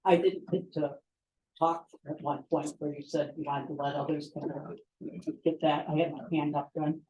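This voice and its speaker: A man's voice: a little high, level tone, normal speed, slight background noise. Rambling man at a public hearing. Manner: rambling, restarts. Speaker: resident speaking at public hearing. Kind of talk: public comment. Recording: echoey, dull-sounding room.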